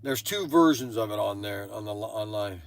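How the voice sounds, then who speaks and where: A man's voice: lowish voice, animated, moderate pace, creaky. An older man hosting a casual chat, rambling and going off on tangents, sounding tired. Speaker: host.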